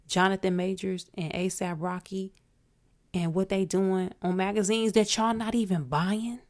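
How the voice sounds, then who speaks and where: A woman's voice: on the low side, darkish tone. A woman hosting a solo commentary podcast, outspoken and emphatic, talking straight to her listeners. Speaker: podcast host.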